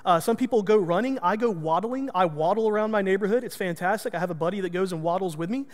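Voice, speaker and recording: A man's voice: high-pitched, fast talker, long reverb tail. A man, a pastor, telling a personal story in a folksy, self-deprecating sermon.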